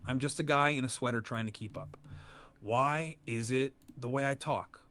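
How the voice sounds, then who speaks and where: A man's synthetic AI voice answering in a calm, good-natured, measured way. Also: mid-range voice, slight background noise. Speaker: AI chat companion. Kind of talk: conversational AI replies.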